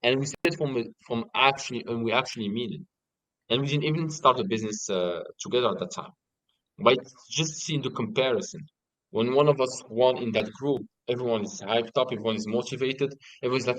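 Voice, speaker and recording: A young man in a casual interview, telling stories in an animated way and swearing often. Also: mid-range voice, fast, dry recording, low-quality recording. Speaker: guest.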